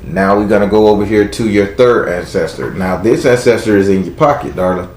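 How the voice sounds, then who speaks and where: A man with a Southern US accent reads tarot live for a caller, blunt and chatty as he talks aloud to the spirits. His voice sits on the low side. The sound rings in an echoey room. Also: a little fast, a little mellow, slight background noise. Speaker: tarot reader. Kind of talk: live tarot reading call-in.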